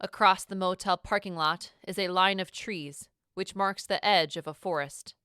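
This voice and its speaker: Low, smooth-voiced woman narrator for a dramatic audiobook, close and dry. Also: steady tone, sharp tone, no echo. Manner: measured, dramatic storytelling.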